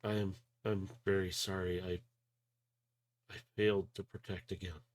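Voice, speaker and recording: A man voicing a timid, guilt-ridden male robot who speaks quietly and falters as he apologizes. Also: low-pitched, level tone, moderate pace, natural voice. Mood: ashamed.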